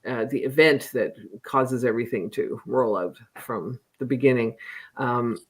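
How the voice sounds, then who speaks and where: A middle-aged woman, an author guest, talking casually and hesitantly, with many pauses and restarts. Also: very deep voice, husky. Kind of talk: casual interview chat.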